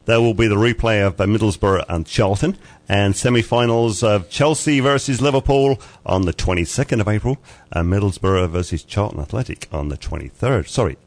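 A man with a fairly low voice hosts a radio show. He reads sports results in a loose, chatty way, full of uhs and little chuckles. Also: fairly quick. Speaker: radio host reading sports news. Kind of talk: casual radio chat and news roundup.

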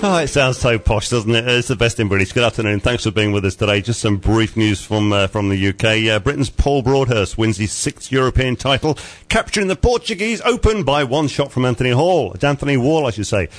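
A man's voice: medium pitch, animated, a little fast, hardly any pauses, soft background music. A man hosting a radio show, reading a casual sports roundup with frequent fillers and chuckles. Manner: chatty, chuckling, lots of uhs while reading results.

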